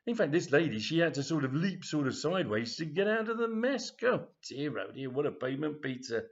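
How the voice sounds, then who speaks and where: A man's voice: on the high side, sing-song, fairly quick. Guy rambling through his funny story, lo-fi sound. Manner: rambling, chatty, many restarts. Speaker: author. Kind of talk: reading his own comic story. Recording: dull lo-fi recording.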